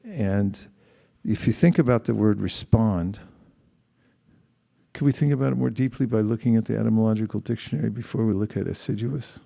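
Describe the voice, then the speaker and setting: A man leading a scripture study class, reading a passage aloud and then asking thoughtful questions, often pausing to rephrase. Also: fairly low pitch, creaky, dark tone. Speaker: class leader.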